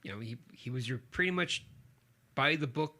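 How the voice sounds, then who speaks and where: A man's voice: medium pitch, expressive, moderate pace, bright, forceful tone. A man co-hosting a casual movie podcast, joking, laughing often and trailing off mid-thought. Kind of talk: casual chat about movies.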